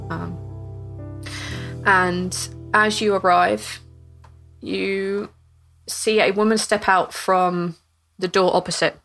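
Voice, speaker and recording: A woman runs a tabletop fantasy game with a bright, clear voice. She narrates in a loose, meandering way, with frequent fillers and restarts. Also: on the low side, little pitch movement, slow pace, pauses often, soft background music. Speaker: game master.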